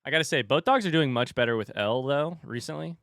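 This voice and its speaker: A man's voice: medium pitch, expressive, fast, creaky, a bit bright, dry recording, clean studio sound. A man chatting casually on a livestream, rambling and reading viewer messages aloud.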